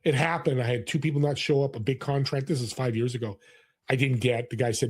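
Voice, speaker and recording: He talks fast, with a medium pitch and a breathy edge to his voice. The speaker is a Californian in his sixties, a guest in an informal interview, telling his own stories earnestly and animatedly while repeatedly restarting.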